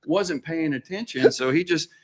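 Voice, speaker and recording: A man's voice: a little high, normal speed, a little hiss or hum. A man, a former TV news anchor, telling funny stories as a radio guest and laughing at himself. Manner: animated storyteller, laughs at himself. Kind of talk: casual storytelling on a radio show.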